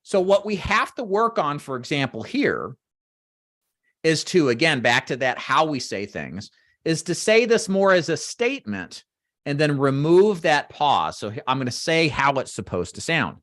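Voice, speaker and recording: A man teaching final expense phone sales, walking trainees through a phone script and acting out sample call lines in a brisk sales voice, with frequent "right?" check-ins. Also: on the high side, big pitch swings, a bit bright, no echo, clean studio sound. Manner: talks straight to trainees, checks in with "right?" and "does that make sense?". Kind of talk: instructional walkthrough of a phone script.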